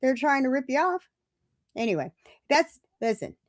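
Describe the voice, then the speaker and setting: A woman's voice: sits high, big pitch swings, moderate pace, no room sound, clean studio sound. A middle-aged woman, hosting a recovery meeting from home and chatting casually and digressively with her viewers. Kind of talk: casual livestream talk. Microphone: webcam or phone camera.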